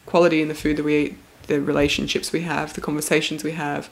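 Low-voiced woman hosting a podcast. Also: flat delivery, quick pace, creaky. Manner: chatty, laughs often, reads listener offers. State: a little medicated, sounds spaced out. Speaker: podcast host. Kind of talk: casual podcast chat.

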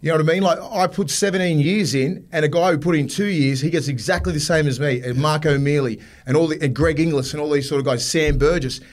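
Fast-talking, blunt Australian man in his forties. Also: a little high. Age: 40s. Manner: blunt, swears freely, fast and animated storytelling. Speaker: guest, former rugby league player. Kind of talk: casual podcast chat.

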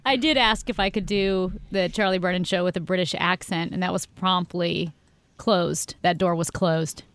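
A woman's voice: lowish voice, fairly even intonation, moderate pace, a bit bright, no echo. A woman guesting on a radio show, chatting cheerfully and poking fun at herself. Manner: cheerful, self-mocking. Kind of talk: casual radio banter.

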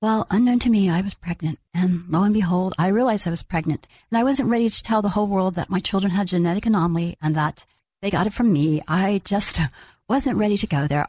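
A middle-aged woman telling her own story as a mother, earnest and reflective, with small restarts and pauses. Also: lowish voice, a little mellow, slightly rough, no echo, studio quality. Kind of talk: personal storytelling.

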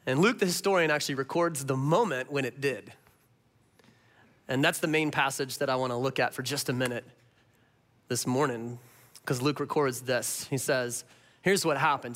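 A male pastor delivers a sermon with lively, dramatic swings in loudness. His voice is high and bright, moving from hushed asides to punchy emphasis. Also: moderate pace. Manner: animated, swings between loud and hushed.

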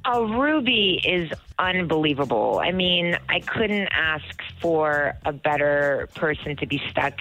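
A woman's voice: low voice, lively intonation, a little slow, few pauses, a bit bright, faint music behind, low-quality recording. A woman in her forties, a guest actress chatting enthusiastically in an interview. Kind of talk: interview answers.

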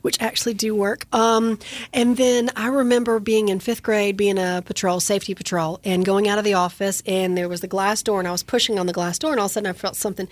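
A middle-aged woman, co-hosting a podcast in a chatty, storytelling way with animated quoted voices. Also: mid-range voice, dry recording. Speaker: podcast co-host. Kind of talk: casual chat.

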